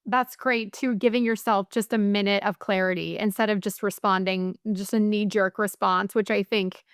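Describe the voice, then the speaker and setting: A woman's voice: medium pitch, fairly even intonation, smooth, no room sound, clean studio sound. A woman in her forties hosting a podcast, chatting casually and readily agreeing with her guest. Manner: agreeable, quick to affirm and relate. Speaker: podcast host. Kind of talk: casual interview chat.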